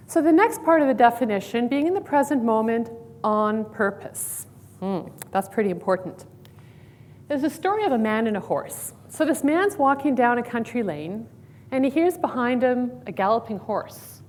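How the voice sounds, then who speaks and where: Woman counsellor, fairly high voice, calm guided mindfulness talk, faint rumble under it. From Canada. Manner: calm, slow guided instructions with light humor. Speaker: clinical counsellor. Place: conference room.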